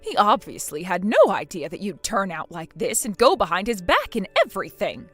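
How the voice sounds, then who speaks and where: A woman's voice: mid-range voice, big pitch swings, moderate pace, slightly rough, faint music behind. A woman voicing a bossy, scornful middle-aged mother-in-law in a text-message drama, harsh and scolding. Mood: accusing.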